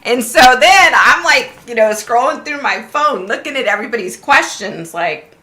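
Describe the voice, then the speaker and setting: Woman, middle-aged, livestream host, casual storytelling, animated, laughing, bright. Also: fairly high pitch, moderate pace. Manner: animated, laughing, mimics others. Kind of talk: casual storytelling to a live chat.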